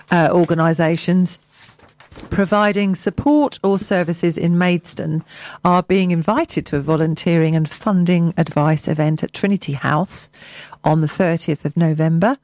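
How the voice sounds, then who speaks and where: A woman's voice: on the low side, a little mellow, no room sound. A woman co-hosting a chatty show, reading local news items with playful, jokey asides. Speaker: radio show co-host.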